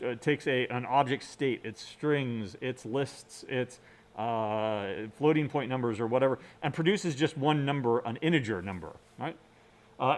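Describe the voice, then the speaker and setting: A man giving a recorded computer science lecture, explaining step by step and often checking in with "right?". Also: mid-range voice. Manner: mutters quietly to himself while working on screen. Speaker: university lecturer.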